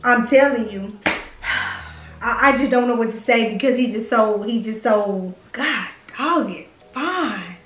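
Young woman, casual vlog chat, gushing and profane, high voice, echoey room with faint music. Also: unhurried, a bit bright. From Houston, Texas. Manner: gushing and profane, teasing the viewers. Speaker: vlogger. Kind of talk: casual chat, smash-or-pass reactions.

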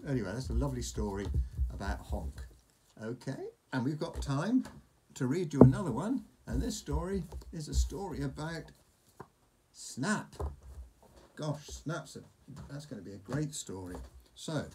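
Man reading a picture book with lively pitch. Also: a little slow, pauses often, noisy background. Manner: playful, chatty asides to a child. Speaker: storyteller reading to a child. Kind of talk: picture-book read-aloud.

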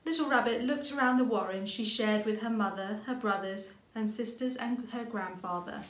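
A woman's voice: fairly high pitch, normal speed. A woman, the author, reading her own children's picture book aloud in an inviting storytelling manner. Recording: roomy echo.

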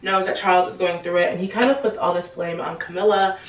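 A woman giving a casual, slangy recap of a novel, acting out the characters' lines in quick bursts. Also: fairly low pitch, fairly even intonation, recorded from a distance, slight background noise. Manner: chatty, slangy, acts out quotes in quick bursts. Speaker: book explainer. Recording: roomy echo, a bit off-mic.

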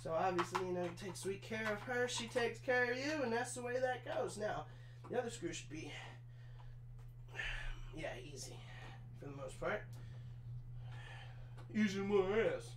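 A young man in his twenties, hot and sweaty, chats loosely with his viewers and swears now and then while he puts together a chair. His voice sits high for a man. The small room rings with echo, and a faint hum runs underneath. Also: lively intonation, moderate pace, pauses often, a bit bright. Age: 20s. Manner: chatty, talks to chat while assembling a chair, swears casually. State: sweaty and overheated from work. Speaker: streamer. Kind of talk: casual live-stream chat.

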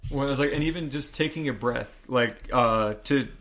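A man co-hosting a casual podcast chat in a loose, joking way. He keeps checking in with his co-host and fills his sentences with likes and rights. His voice sits at a middling pitch for a man. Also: normal speed, a bit bright.

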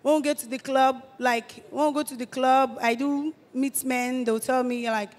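A woman's voice: high-pitched, steady tone. Young Nigerian woman in a reverberant hall. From Delta State, Nigeria. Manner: halting, repeats and restarts phrases. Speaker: testifying church guest. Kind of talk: personal testimony in an interview.

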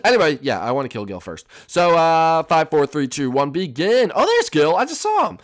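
A boastful young koopa prince, played by a man in a Minecraft role-play, taunting the others with a voice that swoops wildly up and down. He is excitable and shouts out his countdowns. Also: a little high, moderate pace, pitched above the performer's own voice.

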